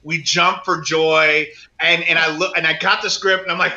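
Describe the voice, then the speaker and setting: Excitable man telling animated stories. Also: on the high side, moderate pace, highs cut off. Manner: animated storyteller, acts out voices, laughs often. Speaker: guest actor and comedian. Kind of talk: casual podcast chat.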